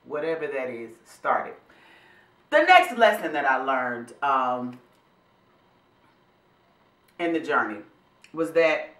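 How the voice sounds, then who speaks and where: A woman vlog host who speaks professionally, giving a motivational talk to camera in a preachy, animated way. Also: extremely low pitch, slow pace, pauses often, reverberant. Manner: animated, preachy, addresses viewers as y'all and honey.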